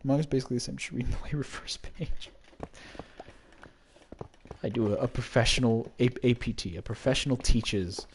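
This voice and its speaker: A man's voice: mid-range voice, normal speed, long pauses, a little hiss or hum. A man streaming a block-building game, chatting casually and rambling to himself with jokes as he plays. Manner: rambling, jokey, talks to himself.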